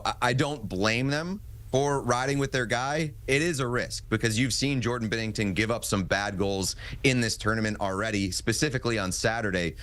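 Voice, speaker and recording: A man's voice: lowish voice, a bit bright. An American man giving sports analysis as a hockey analyst in an interview, talking it through with fillers. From United States. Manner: measured, thinks aloud with fillers.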